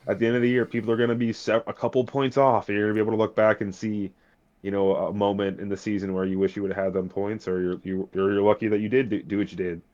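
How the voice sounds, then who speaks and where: A man co-hosting a casual racing podcast, speaking in a steady, encouraging, plain way. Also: lowish voice, fast. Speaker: podcast co-host and sim racer. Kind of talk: casual chat. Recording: dull lo-fi sound.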